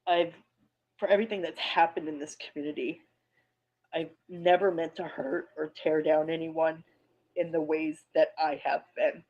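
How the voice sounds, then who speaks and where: A woman making a hesitant, subdued personal statement to an online community, pausing often. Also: sits low, level tone. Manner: subdued, hesitant, many pauses and ums. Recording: muffled lo-fi audio, played back on a stream.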